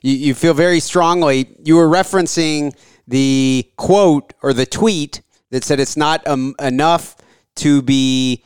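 A man hosting a podcast, asking calm, measured questions. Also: fairly high pitch, smooth, no echo, clean studio sound. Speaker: podcast host. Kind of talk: podcast interview.

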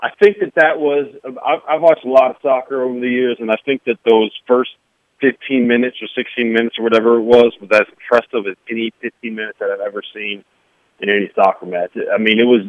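A man calling in as a guest on a sports radio show, talking casually with halting restarts. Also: medium pitch, steady tone, dry recording. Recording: tinny phone line.

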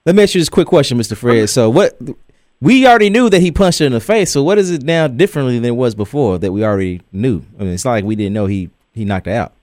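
A man's voice: medium pitch, lively intonation, fast talker, darkish tone, no echo, studio quality. A man co-hosting a sports talk radio show, bantering with callers. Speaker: radio co-host.

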